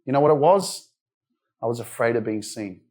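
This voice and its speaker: A man's voice: medium pitch, lively intonation, moderate pace, darkish tone. A man in his thirties giving a blunt, emphatic live motivational speech at a wellness centre event, swearing freely as he pushes his audience. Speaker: motivational speaker.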